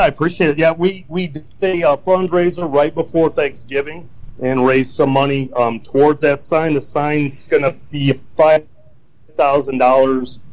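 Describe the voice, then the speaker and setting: A man of ordinary pitch talks through his answers patiently, explaining things step by step. He often pauses on ums and restarts his sentences as he goes. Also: darkish tone, rough recording. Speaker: county emergency management director. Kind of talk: casual interview answers.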